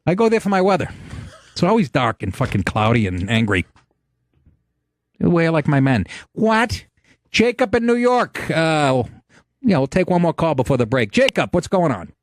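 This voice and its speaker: A man's voice: on the high side, very animated, moderate pace, no echo, clean studio sound. A man hosting a call-in radio show, chatting loosely and cracking jokes with callers. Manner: loose and joking, laughs often. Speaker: host. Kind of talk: casual call-in radio chat.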